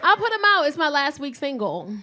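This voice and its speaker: A woman's voice: high-pitched, sing-song, a little fast, bright, forceful tone. A middle-aged woman performing a stand-up comedy set on a club stage into a handheld mic, telling brash, profane stories and laughing often. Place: comedy club stage before a live audience.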